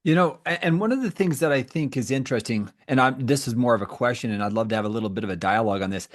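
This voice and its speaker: Measured middle-aged podcast host. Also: male voice, mid-range voice. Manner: measured, thoughtful questioning. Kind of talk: podcast interview.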